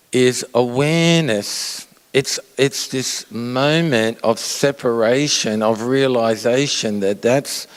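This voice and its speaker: A male pastor giving a conversational sermon, asking the audience questions and acting out inner voices. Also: mid-range voice. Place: church auditorium. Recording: long reverb of a large hall.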